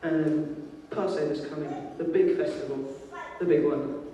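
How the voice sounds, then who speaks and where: Lively storyteller preacher in an echoey hall. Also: male voice, fairly high pitch, measured pace, distant mic, a little hiss or hum. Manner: lively informal storytelling, acting out voices. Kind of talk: sermon. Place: church.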